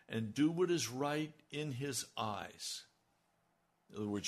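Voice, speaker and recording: A man preaching a sermon, slow and emphatic, his voice rising on key lines. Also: mid-range voice. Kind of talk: radio sermon.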